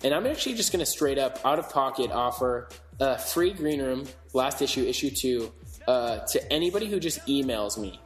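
A man's voice: medium pitch, expressive, normal speed, reverberant, faint music behind. Sarcastic, rambling male podcast co-host. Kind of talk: casual podcast chat.

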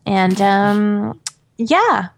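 A woman's voice: mid-range voice, expressive, very slow, gravelly. A woman co-hosting a casual comic book podcast, cracking playful jokes. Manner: playful, jokey. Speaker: podcast co-host.

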